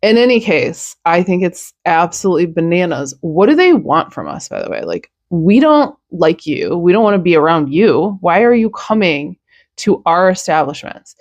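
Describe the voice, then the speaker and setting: A woman's voice: on the low side, very animated, normal speed, a little mellow, dry recording. A young woman hosting a news podcast, ranting bluntly in a casual, profane monologue, sounding tired.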